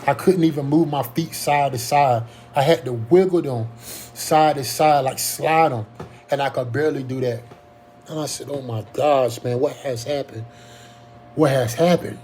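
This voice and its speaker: A man's voice: mid-range voice, a little mellow, a little hiss or hum. A young man tells his own story in a casual, earnest way, often stopping to restart his sentences. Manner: halting, earnest, frequent restarts and ums. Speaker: Covid survivor telling his story. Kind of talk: casual personal testimony.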